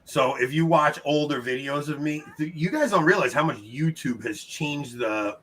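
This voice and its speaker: A man with a Long Island New York accent hosting a casual trivia livestream from his home, upbeat and chatty, laughing often and tossing quick asides to the chat. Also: a little high, a bit bright. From New York, United States. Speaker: trivia show host.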